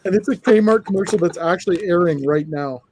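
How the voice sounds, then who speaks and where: A man's voice: high-pitched, a little fast, darkish tone, slight background noise. A man telling a long funny story in casual chat while building, rambling and laughing.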